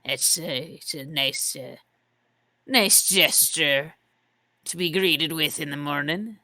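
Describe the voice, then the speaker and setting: A woman voicing a rambling male scholar drinking at a bar, in a put-on Irish accent, hesitant and full of pauses. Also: low-pitched, sharp tone, no echo, clean studio sound, exaggerated voice. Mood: distracted. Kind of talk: voicing a character in a tabletop game.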